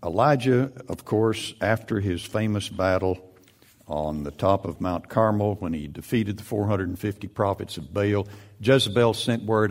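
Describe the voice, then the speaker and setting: A man preaching a sermon, building into loud, emphatic peaks as he retells and presses his points. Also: lowish voice, expressive, a little slow.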